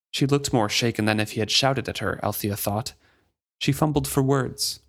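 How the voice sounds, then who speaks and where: Man reading a novel aloud, measured. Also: medium pitch. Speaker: podcast co-host.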